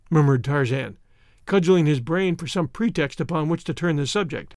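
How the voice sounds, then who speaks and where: A man narrating an audiobook with an expressive storytelling delivery. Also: a little high, moderate pace, dry recording, clean studio sound. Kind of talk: scripted narration.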